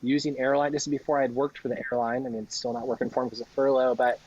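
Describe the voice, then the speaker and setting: A man's voice: medium pitch, little pitch movement, fast talker, darkish tone, husky, muffled recording. A man telling stories as a podcast guest in an earnest, rambling way, often acting out what other people said. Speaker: interview guest. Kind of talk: casual conversational storytelling.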